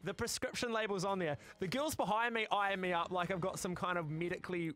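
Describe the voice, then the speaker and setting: A man's voice: high voice, a little fast, fairly bright tone. A man hosting a podcast, telling stories in a wry, self-deprecating way. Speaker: podcast host. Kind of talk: casual podcast chat.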